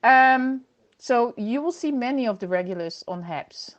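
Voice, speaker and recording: A woman chats through a casual livestream from home, greeting viewers by name and laughing as she goes. Her voice sits high, and she speaks into a computer microphone. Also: expressive, a little slow, muffled recording. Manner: chatty, reads viewer comments aloud, laughs often. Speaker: livestream host.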